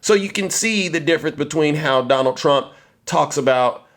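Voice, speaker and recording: Male commentator with a somewhat high voice, punchy rhetorical monologue that rallies the crowd. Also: moderate pace, fairly bright tone. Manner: emphatic, rhetorical, rallying the audience. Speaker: political commentator.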